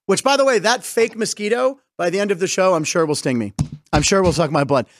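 A middle-aged man hosting a casual comedic sports talk show, rambling through jokes and quick asides. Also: high voice, no echo, clean studio sound. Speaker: host.

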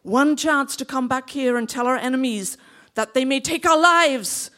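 A woman playing a Scottish warrior leader rallying his men, with a put-on Scottish accent and a raised, shouting voice. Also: sits high, moderate pace, voice pushed up. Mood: rousing.

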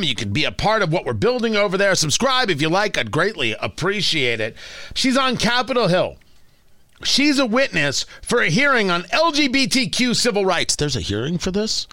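Emphatic high-pitched talk radio host. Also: male voice, very animated, normal speed, pushed and bright, dry recording. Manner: emphatic, rising to heated exclamations. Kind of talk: opinionated talk radio monologue. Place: radio studio.

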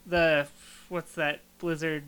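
A man's voice: fairly high pitch, little pitch movement, slow pace, fairly bright tone, clear, resonant tone. A man co-hosting a casual gaming podcast, opinionated and self-mocking, often laughing at his own remarks. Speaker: podcast co-host. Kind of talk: casual chat.

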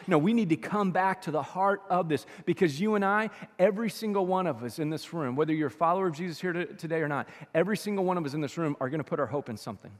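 A man with a high voice preaches a sermon in a church, his words trailing off into a long hall reverb. He talks in a chatty, animated way and jumps between loud, punchy bursts and soft, quiet asides. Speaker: pastor. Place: church sanctuary.

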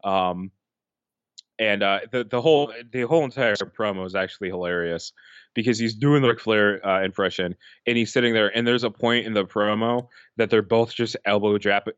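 A man with a low, smooth voice talks loosely on a podcast, wandering through his thoughts with plenty of ums and restarts. The sound is dry and a little dull, like a lo-fi home recording. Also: moderate pace, no room sound. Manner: rambling, full of fillers and restarts. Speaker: podcast co-host. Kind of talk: casual chat.

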